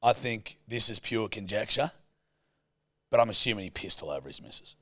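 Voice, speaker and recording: A man's voice: lowish voice, lively intonation, brisk, fairly bright tone, dry recording. An Australian man co-hosting a podcast, chatting casually, blunt and jokey, swearing freely. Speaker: podcast co-host. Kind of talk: casual chat.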